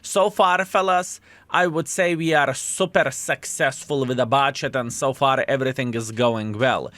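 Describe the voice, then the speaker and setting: A man commentating his own video game match to viewers, animated and self-mocking, calling them fellas, with slightly non-standard English phrasing. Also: medium pitch, unhurried, no echo. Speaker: video game player and channel host. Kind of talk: live gameplay commentary.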